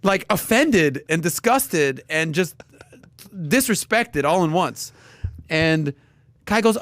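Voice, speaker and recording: Male podcast guest, animated storyteller, lively pitch, dry close sound. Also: slow, no echo. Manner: animated storyteller acting out quotes. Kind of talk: casual podcast chat.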